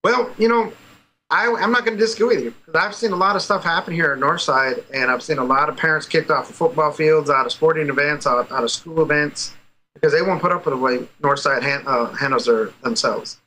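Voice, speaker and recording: A man with a bright, sharp voice that sits a little high, telling a story with energy. He acts out the other people in it as he goes, in a loose interview style. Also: a little fast, slight background noise, rough recording. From United States. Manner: animated storytelling, acts out quoted dialogue. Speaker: guest, parent. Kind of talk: casual interview over a call.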